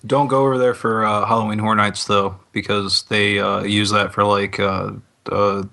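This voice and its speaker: A man with a lowish voice and a bright, forceful tone chats on a podcast. He talks in a relaxed, halting way, full of fillers. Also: gravelly. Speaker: podcast co-host. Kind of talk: casual chat.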